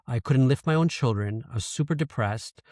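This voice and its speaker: Recorded dry with studio quality, this mid-range, slightly mellow voice belongs to a man from Canada speaking briskly. In his thirties and a podcast guest, he shares an emotional personal story openly and casually, with occasional swearing.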